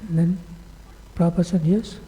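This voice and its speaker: A man, a visiting monk, telling a story in a sermon, halting with fillers. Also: on the high side, dark tone, a little hiss or hum. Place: temple hall. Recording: long hall reverb.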